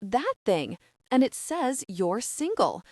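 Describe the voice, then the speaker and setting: A woman's voice: a little high, sing-song, takes it slowly, a little mellow, no room sound, clean studio sound, pitched above the performer's own voice, full character voice. A woman voicing an indignant, flustered young woman who gets defensive and stammers, in an audiobook reading. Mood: furious.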